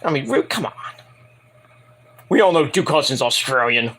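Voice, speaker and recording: A man's voice: medium pitch, normal speed, slightly rough. A man casually reviewing a wrestling show in a vlog, rambling, profane and opinionated. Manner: animated, bursts into put-on voices.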